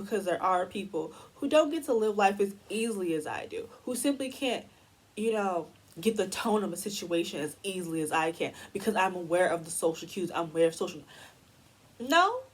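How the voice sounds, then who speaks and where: A young woman delivers a heated, profanity-laced commentary rant. Her voice is slightly husky and sits at a middle pitch. She sounds exasperated and blunt throughout. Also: a little mellow, poor audio. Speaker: commentary YouTuber. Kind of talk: ranting commentary.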